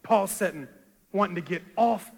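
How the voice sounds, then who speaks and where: Guy preaching, high voice, big echoey church sound, goes quiet then loud. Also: moderate pace, gravelly, slightly rough. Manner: dramatic, swings from soft low asides to loud rising appeals. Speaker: pastor. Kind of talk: sermon.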